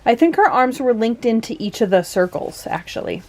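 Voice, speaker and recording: A woman's voice: a little high, expressive, a little fast, a little mellow, low-quality recording. A young woman with a Minnesotan accent chats through a home vlog. She gushes and rambles and leans on fillers as she talks. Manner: chatty and gushing, many fillers. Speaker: vlogger. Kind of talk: casual vlog chat.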